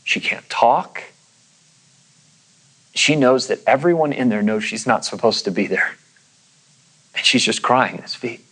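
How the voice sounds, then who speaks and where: A man's voice: mid-range voice, expressive, unhurried, pauses often, fairly bright tone, slightly rough, rough recording. A man preaching a sermon in a casual storytelling way, acting out the voices of the people in his story. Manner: conversational, acts out quoted voices. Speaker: pastor.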